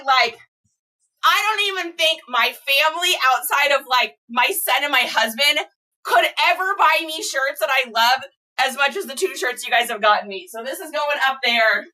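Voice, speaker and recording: A woman reseller chatting casually to viewers, gushing and excitable as she unboxes items. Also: high-pitched, distant mic. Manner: gushing, excitable, squeals and laughs. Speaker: reseller vlogger.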